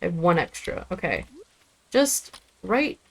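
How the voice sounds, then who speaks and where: A woman's voice: fairly low pitch, sing-song, a little slow, a little hiss or hum. A young adult woman chatting casually on a live game stream, rambling about her day and switching to baby talk with her cat. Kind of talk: casual live-stream chat while gaming.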